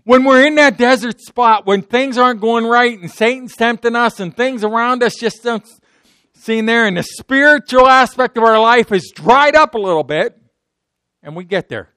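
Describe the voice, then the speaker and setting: Man, pastor, high voice, dry close sound, lively, jokey, questioning the audience. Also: moderate pace, clear, resonant tone, dry recording. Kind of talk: sermon.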